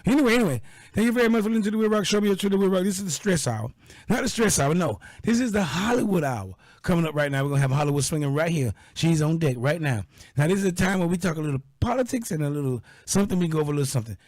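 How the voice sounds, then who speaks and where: Rambling, boisterous talk radio host. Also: male voice, fairly high pitch, lively intonation, racing, a little mellow, no echo. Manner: rambling and boisterous, with repeated fillers.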